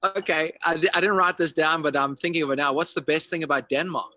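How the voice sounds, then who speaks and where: A man hosting an interview, asking brisk, playful quick-fire questions. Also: fairly high pitch, steady tone, pushed and bright, dry recording. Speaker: interview host.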